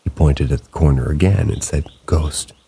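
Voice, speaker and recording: A man narrating submitted true ghost stories in a slow, hushed late-night storytelling manner. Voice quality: very deep gravelly voice. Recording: rain sounds behind the voice.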